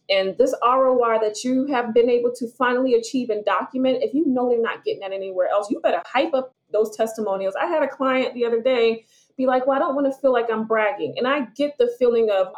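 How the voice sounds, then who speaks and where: Chatty woman, slightly high voice. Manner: lively and chatty, laughs often, acts out little scenes. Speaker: podcast host and business coach. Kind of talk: casual solo podcast teaching.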